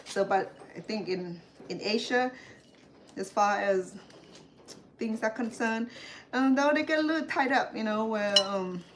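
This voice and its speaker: A woman's voice: fairly high pitch, a little slow. Chatty woman cooking in a noisy kitchen. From Cambodia. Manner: chatty, rambling asides with many fillers and restarts. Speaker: home cooking host. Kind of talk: casual cooking demonstration. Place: home kitchen. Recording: clear kitchen clatter behind the voice. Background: clatter of dishes, pots and pans.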